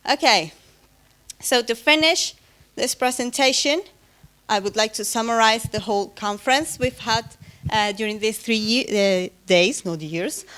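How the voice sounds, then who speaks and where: A woman's voice: a little high, unhurried, a bit bright. A woman, an English speaker, giving a conference closing talk in a hesitant way, with many fillers, self-corrections and light humor. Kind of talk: academic conference presentation.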